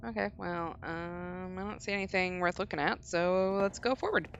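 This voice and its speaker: A woman streamer reading a game's story aloud, lively and laughing often between lines. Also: fairly low pitch, moderate pace, creaky, lo-fi sound, slight background noise. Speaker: game streamer.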